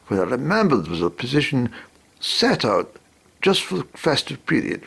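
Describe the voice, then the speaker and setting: A man telling a rambling comic story, hesitating with lots of ums, in a raspy, creaky voice. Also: medium pitch, very animated, moderate pace, fairly bright tone.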